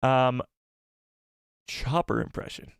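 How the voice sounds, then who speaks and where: Animated male live-stream host, dry sound. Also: mid-range voice, slow pace, creaky, clean tone, no room sound. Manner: animated, exclaiming, repeats himself. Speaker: host of a live fan show. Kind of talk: casual live-stream chat reading donations.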